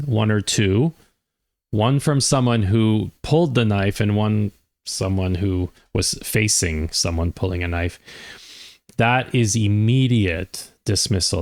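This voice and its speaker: An older man, a retired chef, giving casual reaction commentary with unhurried talk, chuckles and restarts. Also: fairly low pitch, no echo.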